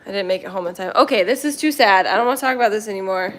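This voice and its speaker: A woman's voice: mid-range voice, very fast. A young woman hosting a casual livestream, chatting and reading viewer comments in a rambling way while talking to her cats. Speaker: kitten rescue livestream host.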